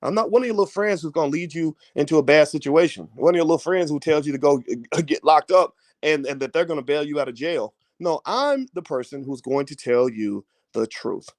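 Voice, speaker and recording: A man's voice: a little high, lively intonation, a little fast, hardly any pauses, no room sound. A man giving casual livestream finance commentary, folksy and preachy, with everyday analogies and repeated phrases for emphasis.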